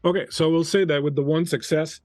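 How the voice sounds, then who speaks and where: A man's voice: fairly high pitch, steady tone, brisk, a little mellow, dry recording, clean studio sound, faint music behind. A man whose first language is French, running a tabletop game in a loose, chatty way with many fillers. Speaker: game master.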